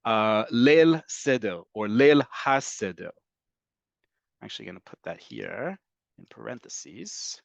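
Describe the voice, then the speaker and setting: A man's voice: on the low side, animated, unhurried, vocal fry, no echo, dull audio. A man teaching Hebrew vocabulary in an online class, explaining patiently with fillers and frequent "okay?" checks. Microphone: computer mic on a video call.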